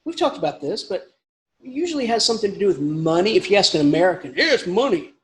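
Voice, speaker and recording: A man's voice: high-pitched, very animated, fast talker. A man giving a casual, rambling literature lecture with emphatic asides.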